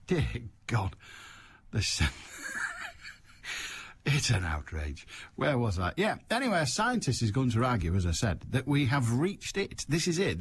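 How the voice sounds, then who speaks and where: A male radio phone-in host speaks into a studio mic in a husky, slightly rough voice. His pitch swings widely as he rambles, and his delivery stays sarcastic and mocking throughout. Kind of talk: sardonic radio monologue.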